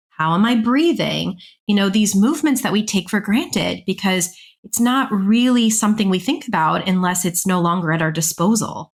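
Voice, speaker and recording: A woman in her thirties, a dance therapist guest, explaining ideas in a reflective, casual way and acting out quoted thoughts. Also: medium pitch. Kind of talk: casual podcast conversation.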